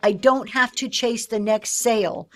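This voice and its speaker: Brief: woman, fairly high voice, livestream host coaching sellers, lively, acts out quotes, faint music under her. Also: unhurried. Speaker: live-selling host. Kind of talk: livestream teaching talk.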